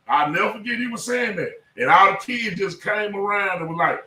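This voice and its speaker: Animated ex-coach, bright voice. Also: male voice, high voice, a little fast, few pauses. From South Dallas, Texas. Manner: animated, emphatic, profane. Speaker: former high school football coach. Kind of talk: casual podcast storytelling. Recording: echoey room, voice a bit far from mic.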